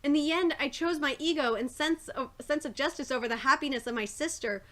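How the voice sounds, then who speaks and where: A woman's voice: sits high, a little fast, heavy background noise, lightly acted. A woman reading as a guilt-ridden young demon swordsman. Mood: remorseful. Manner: plain read-aloud delivery with stumbles.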